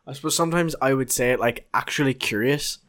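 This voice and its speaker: A man's voice: mid-range voice, fast talker, a bit bright. A young man, chatting casually and agreeably on a podcast, adding his own points. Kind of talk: casual chat.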